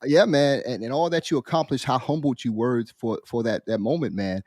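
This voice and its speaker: Enthusiastic podcast host, dry sound. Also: male voice, medium pitch, a little fast, a little mellow, dry recording. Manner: enthusiastic, rambling with many fillers. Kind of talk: casual podcast talk.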